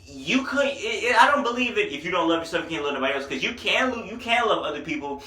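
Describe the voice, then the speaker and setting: A man giving a casual, animated album review, slangy and excited about the lyrics, recorded roomy and from a distance. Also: high voice, fast. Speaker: music reviewer.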